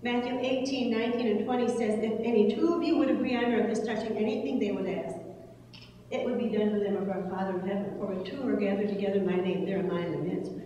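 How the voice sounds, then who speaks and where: A woman's voice: medium pitch, fairly even intonation, dark tone, muffled recording, a little hiss or hum. Older woman preaching in an echoey church. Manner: earnest storytelling with halting restarts. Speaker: speaker at a church service. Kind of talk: personal testimony sermon. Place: church sanctuary. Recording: echoey hall from far off.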